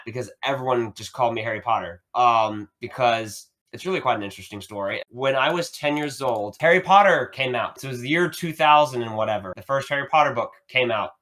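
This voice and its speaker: A man in his thirties, a podcast co-host, telling a story in casual chat. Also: medium pitch. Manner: storytelling, animated.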